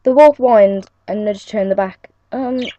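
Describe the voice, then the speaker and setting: A young woman reading her own adventure story aloud, in an earnest, steady storybook manner. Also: mid-range voice, normal speed. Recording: muffled lo-fi home recording.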